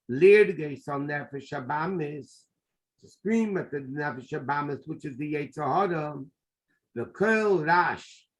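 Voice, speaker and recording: A middle-aged man teaching a Torah class as a rabbi, explaining in an animated, emphatic way and mixing Hebrew terms into his English. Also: high-pitched, dull audio.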